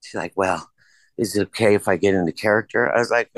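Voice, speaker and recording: A man's voice: lowish voice, fast talker, fairly bright tone, no echo, poor audio. A man casually telling rambling, profane stories and acting out the dialogue. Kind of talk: casual conversation.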